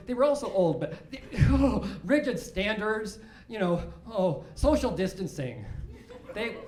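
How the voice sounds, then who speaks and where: A stand-up comedian from Seattle works the crowd with dry, self-deprecating stories. His pitch swings up and down as he talks, and his laughs break in often. The room rings around his voice. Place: comedy stage before a live audience. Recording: roomy club sound.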